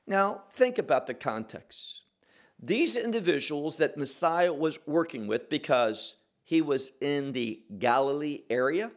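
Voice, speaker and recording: A man teaching a Bible lesson verse by verse, stressing key words and asking and answering his own questions. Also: fairly high pitch.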